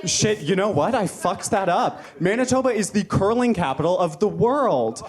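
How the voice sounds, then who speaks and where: A woman doing a stand-up roast in a comedy club, sarcastic and deadpan as she lists facts. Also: medium pitch, normal speed. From Nova Scotia, Canada. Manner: sarcastic, deadpan fact-listing.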